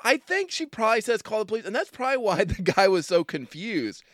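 A man co-hosting a podcast, talking casually about a film, animated and quick to laugh. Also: high-pitched, no echo, clean studio sound. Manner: animated, laughs often, slips into silly voices. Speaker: podcast co-host. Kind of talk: casual movie discussion.

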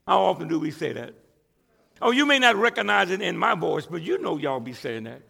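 A man's voice: high-pitched, big pitch swings, fast talker, creaky, sharp tone, big-room sound. A male pastor preaching a sermon to his church, emphatic and conversational, often stumbling and restarting words. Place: church sanctuary with a congregation.

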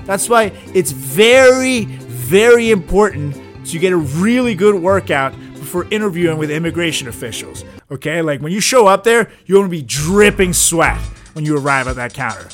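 A man co-hosting a comedic podcast, deadpan and ironic, often trailing off into mumbles. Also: high-pitched, moderate pace, hardly any pauses, faint music behind. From Latin America. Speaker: podcast co-host.

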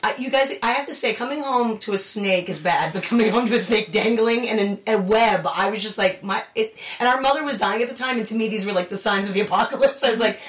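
A woman's voice: medium pitch, fast talker, hardly any pauses, echoey room, far from the mic. A woman co-hosting a casual podcast, joking and teasing with playful asides. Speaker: podcast co-host. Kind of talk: casual chat.

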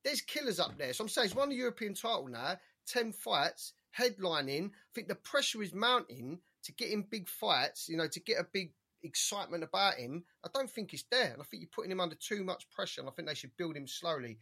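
A young man, co-hosting a casual boxing chat, animated and opinionated, rattling off fighters' names. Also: sits high, brisk, vocal fry, hardly any pauses, slightly rough. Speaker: boxing podcast co-host.

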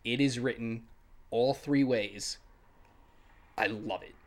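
A podcast co-host chatting casually about a film, laughing often and rambling excitedly. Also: medium pitch, takes it slowly. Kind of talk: casual film-review chat.

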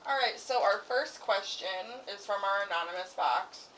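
A woman's voice: medium pitch, moderate pace, fairly bright tone, a little hiss or hum, rough recording. A woman co-hosting a podcast in casual chat, with blunt, dry remarks. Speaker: podcast co-host.

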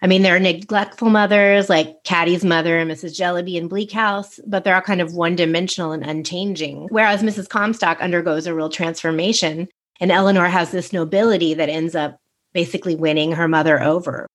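A woman reflecting on a book in a measured way. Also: lowish voice, steady tone. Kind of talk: book discussion.

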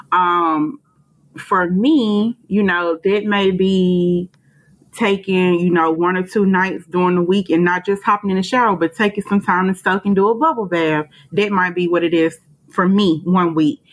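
Relaxed woman therapist guest. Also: on the low side. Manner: relaxed, thoughtful, many ums and you knows. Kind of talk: casual interview answers.

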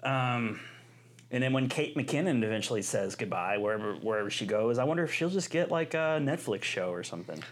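A man co-hosting a podcast, chatting casually about film and comedy in a rambling, enthusiastic way. He keeps restarting sentences and tossing in asides, at a middling pitch for a man. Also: animated, a little fast. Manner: enthusiastic, rambling with restarts and many "you know"s. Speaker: podcast co-host. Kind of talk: casual chat.

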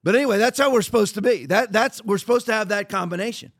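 A podcast host with a strikingly high-pitched, gravelly voice delivers an opinionated monologue at a quick pace. He is combative and mocking, rambling and frequently restarting sentences mid-thought.

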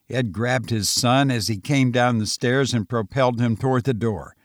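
Male audiobook narrator, slow and expressive, dry close sound. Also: medium pitch, no echo. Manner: measured, dramatic storytelling. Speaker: audiobook reader. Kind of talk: scripted narration.

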